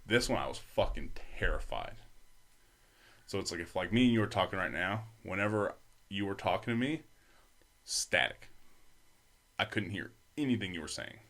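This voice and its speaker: A young man with a very low voice tells a long story as a podcast guest. He talks loosely and profanely, with many fillers. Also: animated, a little fast, a bit bright. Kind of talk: casual storytelling.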